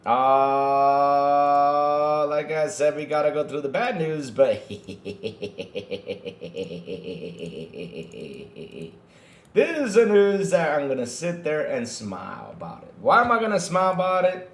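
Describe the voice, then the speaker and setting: Animated, mocking man in an echoey room. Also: on the high side, a little fast. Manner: animated, mocking, swears, addresses chat. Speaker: podcast host. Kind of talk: casual gaming news commentary.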